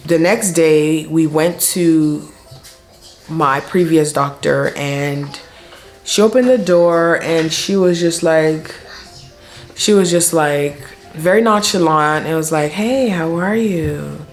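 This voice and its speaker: A woman's voice: low voice, slow, faint music behind. A young woman vlogger telling a personal story in casual, slangy speech full of fillers. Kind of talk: storytime vlog.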